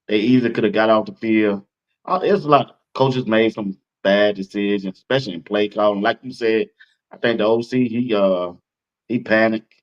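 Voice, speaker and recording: A low-pitched man on a sports talk show, weighing his words with plenty of pauses. His audio comes through dull and lo-fi. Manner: measured, hesitant, many fillers.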